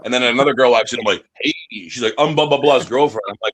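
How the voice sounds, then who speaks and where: A man's voice: medium pitch, fast, hardly any pauses, a bit bright. A man from the United States, an independent wrestler, talking in a casual interview, brash and profane, acting out other people's voices in his stories.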